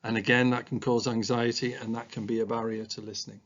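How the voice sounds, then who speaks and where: A man talks through a training presentation in a measured, thoughtful way, often filling pauses with ums and uhs. His voice sits at an ordinary middle pitch, and the recording sounds a little dull and lo-fi. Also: little pitch movement, fairly bright tone. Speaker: special school staff trainer. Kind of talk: explanatory training talk.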